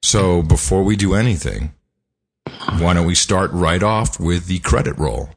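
Husky-voiced male podcast host. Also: low voice, animated. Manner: chatty, with many filler pauses. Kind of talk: casual chat. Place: studio.

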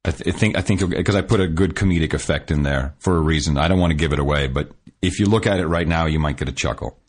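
A man's voice: extremely low pitch, fast. A man co-hosting a podcast in casual chat, rambling and restarting his sentences, often laughing. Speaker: podcast co-host.

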